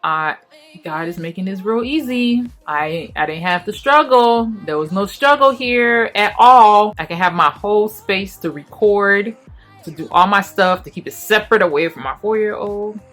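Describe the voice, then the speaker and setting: A woman, sharing an emotional faith testimony at home while packing, fast in bursts and then soft. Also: mid-range voice, animated, soft background music. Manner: earnest, emotional, talks fast in bursts and then goes quiet. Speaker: faith vlogger. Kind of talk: personal testimony vlog.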